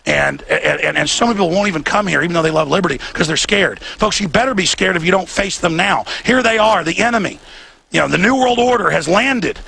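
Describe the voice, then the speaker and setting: A male host ranting fervently on location outdoors. His voice sits high and heavily gravelly, hard-edged and forceful, with faint noise behind. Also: expressive. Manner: fervent, rapid, repetitive ranting. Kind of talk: heated on-location commentary. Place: outdoors outside an event venue.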